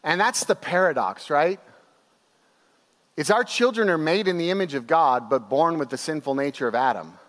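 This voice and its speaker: A young male pastor preaching to his church in a fairly high voice, with long reverb ringing through the hall. He tells stories animatedly and acts out the quotes. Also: normal speed. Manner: animated storytelling with laughs and acted-out quotes. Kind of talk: sermon.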